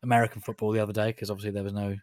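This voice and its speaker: A man co-hosting a podcast in casual banter, chatty and quick to laugh and tease. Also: fairly low pitch, little pitch movement, a little mellow, dry recording. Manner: chatty, laughs easily, teasing. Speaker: podcast co-host.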